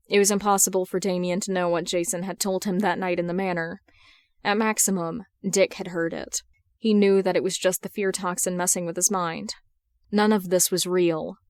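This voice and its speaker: A woman narrating a fan audiobook in a steady, even reading voice. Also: on the low side, no echo, studio quality. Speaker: podfic reader.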